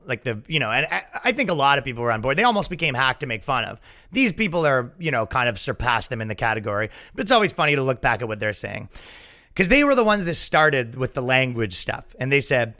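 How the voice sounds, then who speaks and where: A man's voice: mid-range voice, sing-song, fairly quick, sharp tone. A man hosting a podcast in a casual monologue, sarcastic, swearing freely and laughing at his own jokes. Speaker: podcast host.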